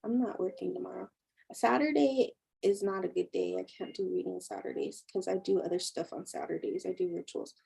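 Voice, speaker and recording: A woman's voice: lowish voice, fairly even intonation, fairly quick, gravelly, dark tone, slightly rough, rough recording. A woman spiritual teacher in a casual livestream chat, telling stories and laughing often. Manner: chatty storyteller, laughs often. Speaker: spiritual teacher and intuitive healer.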